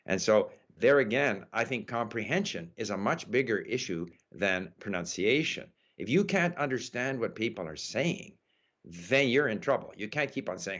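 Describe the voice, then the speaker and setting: A man's voice: on the low side, lively intonation, moderate pace, fairly bright tone. Man, interview guest, chatty and reflective, lots of "you know", kinda muffled recording. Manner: thoughtful, frequent "uh" and "you know". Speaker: interview guest, language learner. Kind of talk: relaxed conversational interview answers. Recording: dull lo-fi audio.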